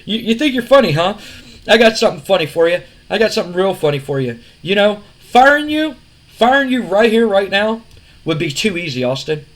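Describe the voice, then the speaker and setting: A man voicing a smug young male executive who squeaks in disbelief. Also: expressive, fairly quick, a bit bright. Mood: mocking. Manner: incredulous, whiny high squeaks when shocked.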